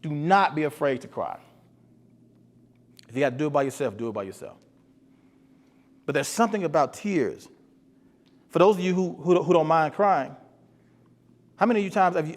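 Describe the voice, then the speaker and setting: A man's voice: fairly high pitch, lively intonation, moderate pace, pauses often. Earnest man speaking to boys in a hall. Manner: earnest, repeats himself, asks the audience questions. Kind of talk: motivational talk. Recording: long hall reverb.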